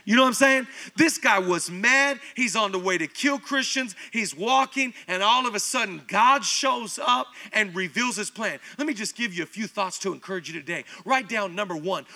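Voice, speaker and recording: A male pastor delivers a sermon in a high, strikingly bright and sharp voice. He tells stories with animated energy and slips into quoted voices for the people in them. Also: moderate pace.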